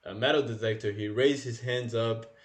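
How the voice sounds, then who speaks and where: A man's voice: medium pitch, fairly even intonation, normal speed. A man chatting casually as a podcast co-host, rambling, swearing and laughing as he talks. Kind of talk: casual chat.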